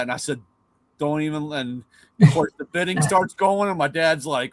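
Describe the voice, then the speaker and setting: His voice runs on the high side at a normal speed, with no echo. The middle-aged man hosts a live car talk show, loosely rambling through anecdotes about old cars and his dad while swearing and doing impressions of his father's lines.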